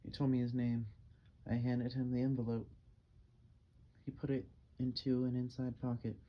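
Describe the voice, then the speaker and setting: A man reading an audiobook novel in a calm, measured narration. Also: medium pitch. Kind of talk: scripted narration. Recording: dull, slightly muffled with faint hiss.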